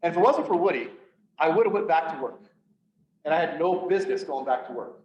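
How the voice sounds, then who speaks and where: A man's voice: on the high side, animated, a little mellow. Earnest man telling his story in an echoey hall. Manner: earnest, halting, with frequent restarts. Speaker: public speaker on PTSD. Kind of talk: personal storytelling talk. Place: event room, speaking to an audience. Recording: echoey room, voice from far off, dull sound.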